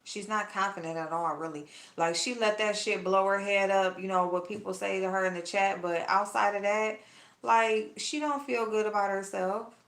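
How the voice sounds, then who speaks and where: Woman, vlogger, blunt, gossipy, casual chat while cooking, mid-pitched, echoey home kitchen. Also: fairly even intonation, moderate pace. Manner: chatty, blunt, gossipy, calls viewers y'all. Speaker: vlogger talking to her live chat.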